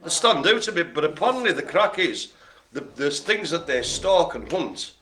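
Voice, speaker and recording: A man calls bingo with plenty of bouncy, swooping pitch. His voice is bright and forceful, and he keeps drifting into jokey asides with a helper. It sounds like casual live-stream banter. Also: very animated, normal speed. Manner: jokey and rambling, talks to a helper off-mic. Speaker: bingo caller and host.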